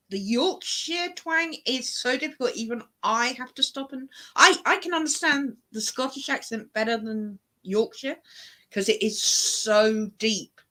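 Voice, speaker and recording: A woman's voice: fairly high pitch, pushed and bright. A woman from England with a trained, broadcaster-like British accent, chatting in a casual group talk and explaining at length. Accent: British, trained broadcaster-style.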